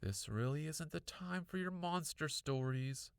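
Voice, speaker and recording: A man's voice: fairly high pitch, expressive, a little slow, gravelly, clean tone, no echo, clean studio sound, voice pushed up. A man voicing an impatient middle-aged mother who scolds in a stern, clipped way. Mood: cross.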